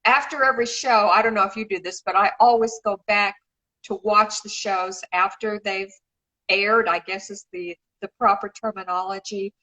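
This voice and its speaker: A woman's voice: mid-range voice, steady tone, moderate pace, pushed and bright, low-quality recording. A middle-aged woman from Memphis, chatting effusively on a live stream and calling people darling. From Memphis, Tennessee, USA. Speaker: shoe designer and regular guest. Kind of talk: casual live-stream chat.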